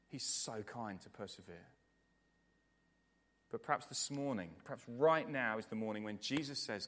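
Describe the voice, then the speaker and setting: Man, preacher, sermon, earnest, repeats for emphasis, loud then hushed, long church reverb. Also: mid-range voice, animated, normal speed. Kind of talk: sermon ending in prayer.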